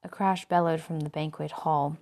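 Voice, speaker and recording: Woman narrating a gothic story, low voice. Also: fairly even intonation, moderate pace, a little mellow. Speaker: audiobook narrator. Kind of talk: first-person scripted narration.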